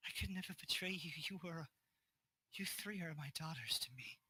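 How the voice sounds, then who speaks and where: A man's voice: on the high side, expressive, fairly quick, pushed and bright, husky, no echo, heavily acted. A man voicing an elder female guardian who pleads with her ward during a tabletop game. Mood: pleading.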